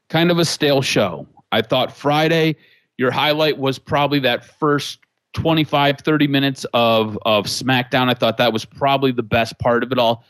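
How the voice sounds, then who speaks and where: A man hosting a casual wrestling chat, measured and conversational. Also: medium pitch, a bit bright, dry recording. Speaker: wrestling podcast host.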